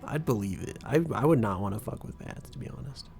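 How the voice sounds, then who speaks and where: A man's voice: mid-range voice, animated, brisk, gravelly. A young man streaming a game, giving casual, profane, rambling and joking commentary. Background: faint background music.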